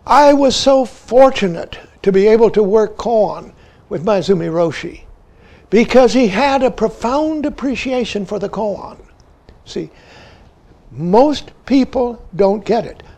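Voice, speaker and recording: An older man gives a Zen dharma talk in a high voice. He speaks at an unhurried pace and keeps coming back to the word "see." When he retells a story, he drops to a hushed near-whisper. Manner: says "see" again and again, slow and deliberate. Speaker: Zen teacher.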